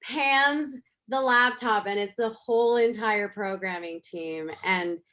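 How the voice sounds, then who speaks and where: A woman filmmaker in a casual interview, telling her story in an animated, chatty way with lots of fillers, over a video call. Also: medium pitch, slow. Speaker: filmmaker guest.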